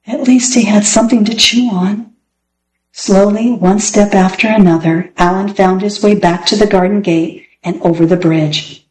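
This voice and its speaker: A woman reads picture books aloud in a clear, expressive storytelling voice at a middling pitch. The sound is roomy, with a noticeable echo. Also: a little hiss or hum. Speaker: storybook reader.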